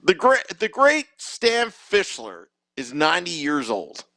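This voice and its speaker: A man's voice: fairly high pitch, wildly swooping pitch, slow, sharp tone, no room sound, low-quality recording. A man co-hosting a podcast, talking in a rambling, opinionated way with many restarts. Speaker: podcast co-host. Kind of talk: casual sports chat.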